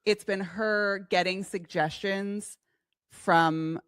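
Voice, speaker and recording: A woman's voice: medium pitch, steady tone, a bit bright, clean tone, dry recording. Chatty woman with lots of fillers. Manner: chatty, filler-heavy, slows down while pulling up clips. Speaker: co-host. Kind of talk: casual chat.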